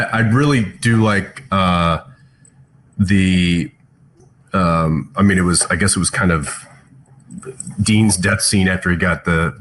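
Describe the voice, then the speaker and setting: A man's voice: deep voice, fairly bright tone, slight background noise. A man chatting thoughtfully on a virtual fan panel, reading out fan questions from home over a video call. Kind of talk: casual panel chat.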